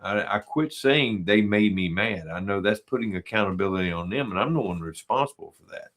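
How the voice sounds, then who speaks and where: A man talking casually as a podcast guest, telling stories in a relaxed way and voicing the lines he quotes. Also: on the low side, a little fast. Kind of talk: casual conversation.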